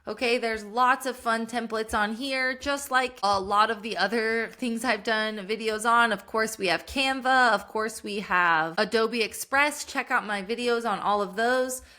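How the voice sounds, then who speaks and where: A young woman teacher walks through a software tutorial in an upbeat, enthusiastic way. Her voice is bright and forward. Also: a little high, measured pace, hardly any pauses. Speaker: teacher and tech tutorial host. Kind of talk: screen-recorded software tutorial.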